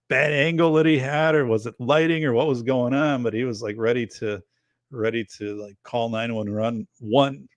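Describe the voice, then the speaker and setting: Male livestream host, mid-pitched, loose rambling chat, very dry close sound. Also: no room sound. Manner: rambling, chatty, reads chat aloud. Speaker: show host.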